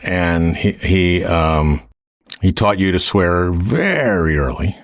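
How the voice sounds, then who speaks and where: Low-voiced guy hosting a chat, wry, kinda halting, dry close sound. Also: animated, no echo. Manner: halting, wry, restarts often. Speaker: podcast host. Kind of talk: casual interview chat.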